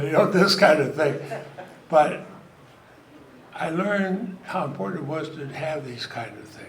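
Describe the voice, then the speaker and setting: An older man, a retiring senator, giving a rambling, self-deprecating anecdotal speech to an audience at an event. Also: a little high. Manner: rambling storyteller, self-deprecating humor, frequent pauses. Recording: echoey hall, noisy crowd. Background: audience laughter and room noise.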